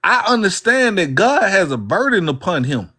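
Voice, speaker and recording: A man with a Southern drawl rambles through a casual livestream talk, laid-back and repetitive. His voice sits a little high for a man, and he keeps circling back to the same phrases. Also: sing-song, normal speed, pushed and bright, slightly rough. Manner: laid-back, rambling, says "bro" and "you hear what I'm saying".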